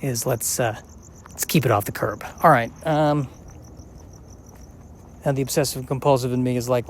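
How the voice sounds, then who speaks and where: A man in his forties hosting a podcast, rambling and thinking out loud as he walks outdoors, musing and questioning himself with many halting restarts. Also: medium pitch, fairly even intonation, a little hiss or hum. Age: 40s. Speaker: podcast host. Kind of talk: casual rambling monologue while walking outside. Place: outdoors, walking on a sidewalk.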